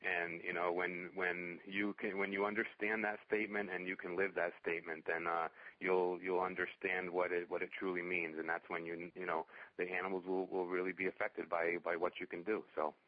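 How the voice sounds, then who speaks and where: A man who rehabilitates dogs, chatting casually in a halting way, full of fillers and restarts. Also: deep voice, little pitch movement, no room sound. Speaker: dog rehabilitation trainer. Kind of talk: casual conversation. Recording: muffled lo-fi sound.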